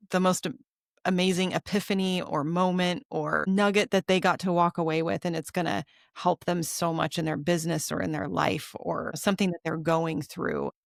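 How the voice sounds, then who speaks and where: A woman hosting an interview podcast, her voice slightly low. She talks with enthusiasm and reflection and often restarts her sentences. The recording is close and dry. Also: dry recording. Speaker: podcast host. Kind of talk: warm interview wrap-up.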